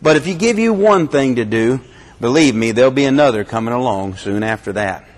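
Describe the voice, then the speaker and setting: A man preaching a sermon with fervour, his delivery swinging between loud and hushed. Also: medium pitch, lively intonation, fairly quick.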